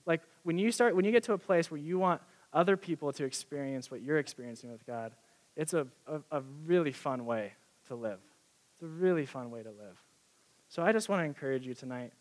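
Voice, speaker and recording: A young man preaching a sermon in a casual, excited, conversational way, with many fillers. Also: a little high, brisk.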